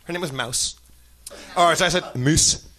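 A man on a live comedy podcast telling a funny personal story, animated and acting out the people in it. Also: a little high, normal speed. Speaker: comedian, show regular. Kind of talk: comic storytelling. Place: live show stage.

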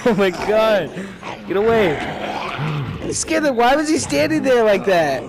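A man commenting on his own gameplay, excitable and quick to yelp and laugh at scares. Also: high voice. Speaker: gamer. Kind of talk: let's play commentary. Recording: game sounds and noise behind.

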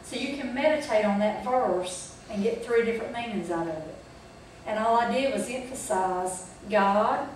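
Heard from a distance in an echoey room with slight background noise, a woman teaches a Bible study group. Her delivery is folksy; she asks questions and checks in as she moves through this church training talk. She speaks at normal speed in a slightly high voice with a darkish tone.

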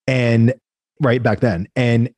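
Brief: fast-talking male entrepreneur, husky, animated storyteller in a dry recording. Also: medium pitch, dry recording. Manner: animated, laughing storyteller who acts out quotes. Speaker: guest entrepreneur. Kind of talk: casual interview storytelling.

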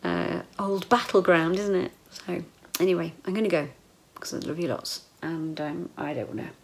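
Middle-aged woman, own voice, home video diary; low, gravelly, emotional, slips into whispers. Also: moderate pace. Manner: emotional, rambling, drifts into whispers. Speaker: vlogger. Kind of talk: casual personal video diary.

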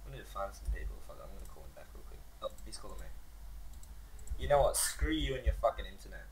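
A young man hosting a gaming video, commentating casually with excitable outbursts and a lot of swearing. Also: lowish voice, fast. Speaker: gaming channel host. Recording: noisy recording.

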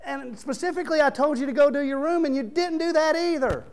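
A man preaching a sermon in church, talking conversationally and swinging from quiet low murmurs to loud, raised emphasis. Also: a little fast. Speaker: pastor. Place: church sanctuary.

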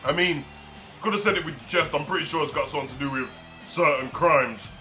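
A young man hosting a wrestling reaction, talking casually and shouting with delight. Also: fairly high pitch, fairly quick, faint music behind. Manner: exclamatory, fan-like, shouts in delight. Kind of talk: excited reaction commentary.

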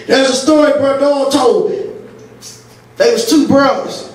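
A woman pastor preaching a sermon, telling stories with laughter and breaking into shouts. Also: sits high, normal speed. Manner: storytelling with laughter, rising to shouts. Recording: echoey church audio from far off.

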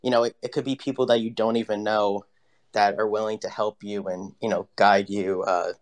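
A man's voice: on the low side, level tone, moderate pace. A man in his twenties speaking as a panel guest in a casual online audio chat, loose and hesitant with many fillers. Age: 20s.

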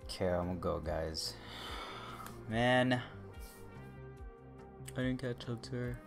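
A man livestreaming in a slow, unhurried way, rambling and joking as he talks straight to his viewers. Soft music plays faintly behind him. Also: mid-range voice, gravelly. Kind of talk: casual live-stream chat.

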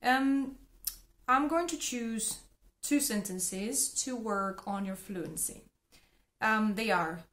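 A woman's voice: mid-range voice, slow pace, fairly bright tone. A woman teaching English pronunciation, leading repeat-after-me drills in a careful, encouraging way.

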